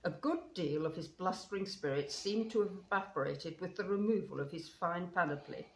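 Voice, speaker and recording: A woman reading a classic children's story aloud, with expressive, measured narration. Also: fairly low pitch. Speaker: storybook reader. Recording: roomy with faint hiss.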